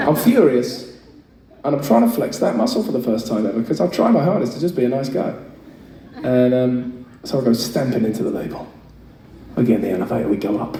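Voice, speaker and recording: Guy in his 30s telling a sweary story on stage mid-concert, sounds far off and boomy, lots of room noise. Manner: chatty, self-mocking, swears freely. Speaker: singer performing live. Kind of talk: on-stage storytelling between songs. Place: large concert venue, in front of an audience. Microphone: stage mic through a PA. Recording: echoey, distant audience recording with loud ambience.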